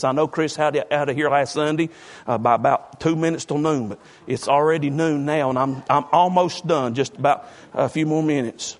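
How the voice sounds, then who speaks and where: A male pastor preaching a sermon, swinging from low, quiet talk to loud shouting and often saying "bless God.". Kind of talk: fiery Southern-style sermon.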